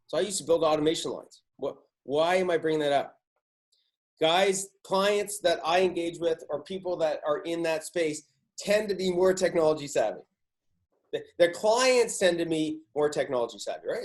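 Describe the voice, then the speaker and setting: A man hosting a podcast, talking casually in an emphatic, profane way that hammers his points home. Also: on the high side. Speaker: podcast host.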